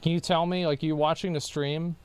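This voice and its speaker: A man's voice: fairly high pitch, steady tone, fairly quick, clear, resonant tone, faint music behind. A man streaming an online game, chatting casually and thinking aloud, often hesitant and puzzled. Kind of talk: casual gameplay commentary.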